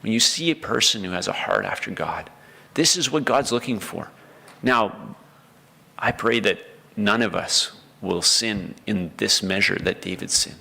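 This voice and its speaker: Male pastor, earnest sermon delivery, gravelly and bright. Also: on the low side, unhurried. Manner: earnest, acts out the prayers of the story with feeling.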